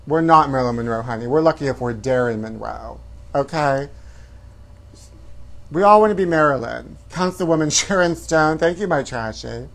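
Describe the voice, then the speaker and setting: A man's voice: mid-range voice, lively intonation, moderate pace, gravelly, a bit bright. Campy male host, flamboyant gossip delivery, says honey a lot. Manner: flamboyant, calls viewers honey. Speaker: comedy show host.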